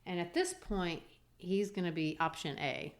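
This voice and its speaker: A woman's voice: lowish voice, a little slow. A woman co-hosting a literature podcast, animatedly discussing a play and acting out quotes from it. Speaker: podcast co-host.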